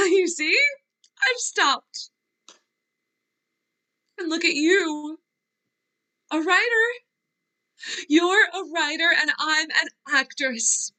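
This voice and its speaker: Actress as tearful young Nina. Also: female voice, extremely high pitch, animated, drawn-out words, long pauses, pushed and bright, full character voice, rough recording. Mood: wistful. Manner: wavering, laughing through tears, trailing off. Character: young actress Nina, fragile, restless, wistful. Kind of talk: virtual play reading. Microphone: video call.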